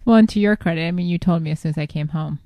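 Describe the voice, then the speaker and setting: A woman co-hosting a podcast, talking in a calm, affirming way in casual conversation. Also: on the low side, very fast, no room sound. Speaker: podcast co-host.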